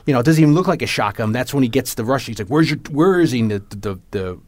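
Animated man retelling movie scenes. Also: mid-range voice, rapid-fire. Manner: animated, acts out movie lines, laughs often, many restarts. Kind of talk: casual chat.

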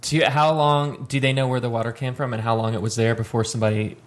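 A man's voice: mid-range voice, level tone, quick pace. A man hosting a podcast in a studio, chatting casually and often restarting his sentences mid-thought. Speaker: podcast host. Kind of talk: casual chat.

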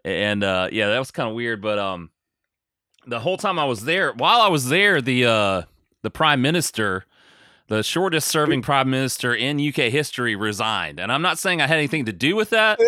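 A man's voice: medium pitch, very animated, moderate pace, bright, forceful tone, dry recording, clean studio sound. An American man co-hosting a podcast, chatting casually in a rambling, self-mocking way with lots of fillers. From United States. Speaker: podcast co-host. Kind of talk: casual chat.

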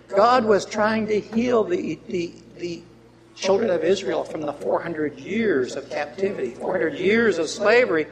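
A man preaching a sermon and reading scripture aloud, who swings between loud emphatic reading and quiet asides. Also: sits high, measured pace, crowd noise. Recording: long hall reverb.

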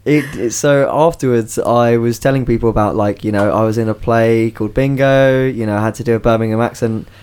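Chatty young man, smooth clear voice. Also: mid-range voice, steady tone, brisk, few pauses, a little mellow. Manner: chatty, repeats words and restarts. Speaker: podcast co-host, stage actor. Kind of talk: casual chat.

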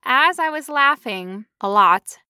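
A woman co-hosting a podcast, telling a story in casual chat with animated, playful quoted voices. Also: high-pitched, slow pace, clear, resonant tone, no echo, studio quality. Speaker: podcast co-host.

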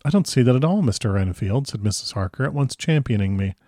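A man's voice: medium pitch, lively intonation, fast talker, warm tone, no echo, clean studio sound. A man reading a classic novel aloud chapter by chapter, breaking off for chatty, casual asides. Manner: chatty asides between read passages. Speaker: audiobook reader.

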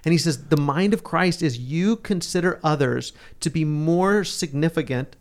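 A man's voice: a little high, moderate pace. A man co-hosting a Bible study, explaining scripture earnestly with everyday examples in conversational chat.

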